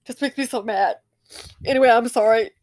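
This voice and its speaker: A woman's voice: fairly high pitch, brisk, a little mellow. A woman hosting a commentary channel, talking emotionally and angrily about a news video. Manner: emotional, angry and heated. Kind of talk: casual opinion commentary.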